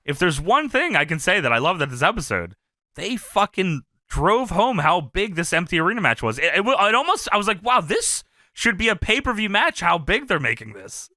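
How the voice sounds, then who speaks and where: A man's voice: sits high, sing-song, moderate pace, pushed and bright, no echo, studio quality. A man co-hosting a podcast, chatting casually and profanely, laughing and acting out quoted lines. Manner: profane, laughing, reads out wrestling dialogue in put-on voices. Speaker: podcast co-host. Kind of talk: casual recap chat.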